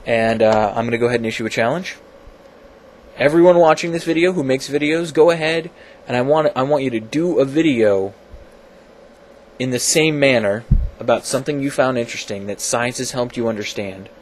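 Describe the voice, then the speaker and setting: A man's voice: medium pitch, fairly quick, a little hiss or hum. A man talking casually in a science vlog from his home computer, rambling and self-deprecating, with many fillers and restarts. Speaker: video blogger.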